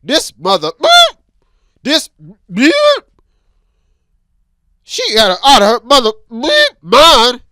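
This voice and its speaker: A man acting out a furious male driver in a road-rage fit, yelling and bleeping out his curses. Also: very high voice, huge pitch swings, slow pace, long pauses, no echo, pitched above the performer's own voice, exaggerated voice. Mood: furious shouting.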